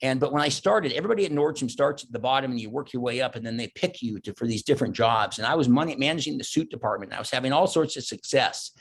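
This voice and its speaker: A man's voice: medium pitch, fast, hardly any pauses, slightly rough. A middle-aged man giving a motivational keynote, telling stories and acting out his own thoughts and quotes. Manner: animated storyteller, voices his own inner thoughts and quotes. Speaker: keynote speaker. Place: virtual conference talk.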